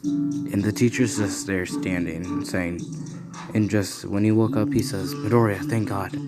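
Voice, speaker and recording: A man casually telling a fan story in a lowish voice, rambling and often restarting. He talks slowly, with music clearly playing behind him. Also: fairly even intonation.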